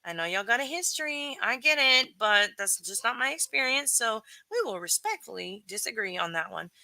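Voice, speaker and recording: A woman's voice: on the high side, expressive, moderate pace, bright, forceful tone, no room sound. A woman hosting a live stream, reading chat and giving her candid, emphatic opinions with casual swearing.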